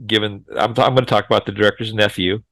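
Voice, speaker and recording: A male podcast host chatting casually about movies and often breaking into laughter. His voice sits on the low side. The recording is dry and close. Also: fairly even intonation, fast talker, fairly bright tone, dry recording. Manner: laughs often, moderates turns.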